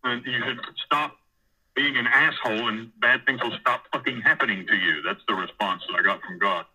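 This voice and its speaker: A man's voice: mid-range voice, normal speed, sharp tone, slightly rough, low-quality recording. A man in prison telling a rambling, profane story about taking over church services, often acting out what others said. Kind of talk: casual storytelling interview.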